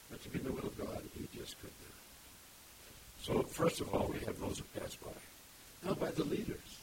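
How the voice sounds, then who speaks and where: A man preaching an expository sermon, reading scripture aloud and stopping to explain the words. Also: sits high. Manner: emphatic, reads scripture aloud and stops to explain. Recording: loud background hiss. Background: steady hiss.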